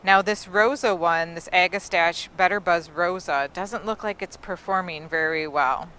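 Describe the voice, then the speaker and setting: A woman's voice: lowish voice, moderate pace, pushed and bright, slight background noise. A woman giving a casual, enthusiastic tour of an outdoor garden, admiring the plants in a chatty way. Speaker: gardening vlogger.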